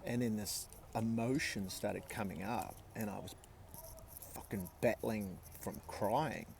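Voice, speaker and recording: A man's voice: fairly low pitch, slow pace, gravelly, slight background noise. A man in his forties telling a personal story in a casual, candid way, swearing freely and using many fillers. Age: 40s.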